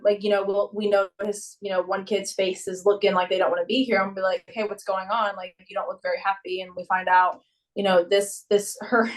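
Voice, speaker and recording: A young adult woman, a gymnastics coach, talking in a casual conversation and acting out her stories with lively voices. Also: mid-range voice, far from the mic, low-quality recording. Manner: animated storyteller who acts out her own and children's voices. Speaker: gymnastics coach and podcast guest.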